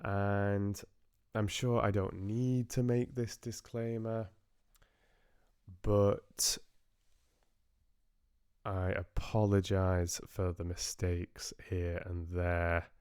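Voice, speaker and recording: A man with a very low, smooth voice talks casually to his live-stream viewers. He rambles and hesitates, restarting sentences as he goes. The sound is dry and close, with no room echo. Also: flat delivery, very slow, long pauses, darkish tone. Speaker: audiobook narrator hosting a live stream.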